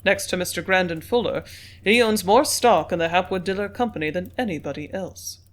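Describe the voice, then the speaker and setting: An audiobook reader voicing a measured, business-minded male company manager who speaks in calm, dictating tones. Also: mid-range voice, lightly acted.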